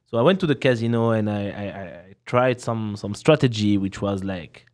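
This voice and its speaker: A man's voice: lowish voice, moderate pace. A man from France with a French accent, a poker guest chatting casually, often laughing and repeating words as he restarts. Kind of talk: casual chat.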